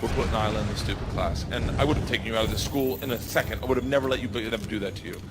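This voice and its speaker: A man voicing a calm mother who patiently reassures her daughter in a soft, level tone. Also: medium pitch, moderate pace, heavy background noise, pitched below the performer's own voice, lightly acted. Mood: reassuring. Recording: loud music behind.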